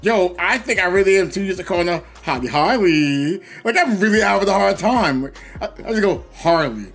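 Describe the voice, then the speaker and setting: A man's voice: high voice, animated, brisk, a bit bright, faint music behind. A man streaming a game, chatting casually and rambling, acting out quoted voices of other people. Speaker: gaming livestreamer. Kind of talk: casual livestream chat.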